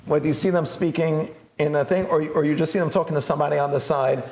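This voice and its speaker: A man hosting a live interview, talking in an animated way and acting out stories. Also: fast, roomy sound. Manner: animated, acts out stories in high voices. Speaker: host.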